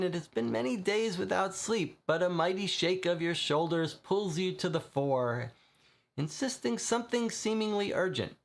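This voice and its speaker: Man reading a gamebook aloud. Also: a little high. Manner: explanatory, thinking aloud. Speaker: player and reader of a gamebook. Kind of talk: reading a game aloud with commentary.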